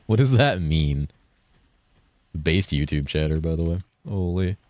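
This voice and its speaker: Very deep-voiced man streaming games. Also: normal speed, a little mellow, no room sound, studio quality. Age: 30s. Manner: rambling, reads chat aloud and reacts. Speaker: game streamer. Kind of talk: casual live-stream chat.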